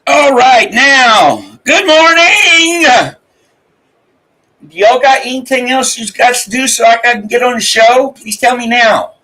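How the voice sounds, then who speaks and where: A man's voice: extremely high pitch, steady tone, moderate pace, hardly any pauses, a bit bright, low-quality recording. A man hosting a morning live stream, rambling and laughing as he greets his chat. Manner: rambling, laughing, swearing, chatty. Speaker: livestream host.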